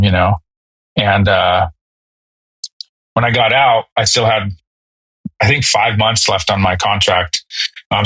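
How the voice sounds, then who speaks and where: A man, a military veteran guest on a podcast, telling his story in a casual, halting way with many fillers and restarts. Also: fairly low pitch, fairly bright tone, dry recording, poor audio. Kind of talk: candid personal storytelling.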